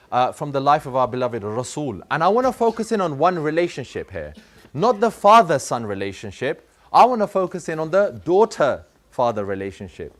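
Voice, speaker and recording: Man, teacher, slightly higher voice, animated storyteller for a school assembly. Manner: lively, acts out the boy and father in the story. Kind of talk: storytelling talk to a school class.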